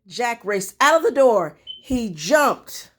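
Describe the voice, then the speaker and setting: Woman teacher reading a kids story slowly, lots of ups and downs in her voice. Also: fairly high pitch. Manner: expressive, with thinking-aloud pauses. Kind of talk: storybook read-aloud and reading lesson.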